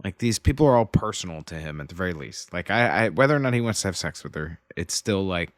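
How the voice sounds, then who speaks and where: A young man in a relaxed book podcast who laughs a lot and swears casually. His voice sits fairly low. The sound is dry and close. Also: fast, no room sound. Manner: laughs often, loose and profane. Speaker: podcast co-host. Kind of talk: casual chat about a book.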